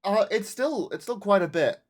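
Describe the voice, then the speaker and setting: A man's voice: sits high, animated, moderate pace. A young British man from a podcast, talking casually with a voice sitting a little above the usual male range. He hedges and restarts his sentences as he goes. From Britain. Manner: hesitant, many restarts and fillers. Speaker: podcast co-host. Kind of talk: casual chat.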